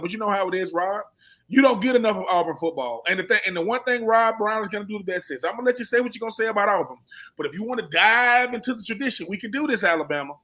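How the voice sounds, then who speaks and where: A man with a Southern American accent, chatting casually on a sports radio panel and acting out the voices he quotes. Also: sits high. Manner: animated, storytelling, acts out quoted voices.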